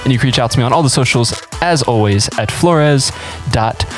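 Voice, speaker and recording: A man's voice: mid-range voice, fairly quick, music in the background. A man hosting a casual podcast, chatty and rambling, often restarting his sentences, on a remote call. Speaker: podcast host.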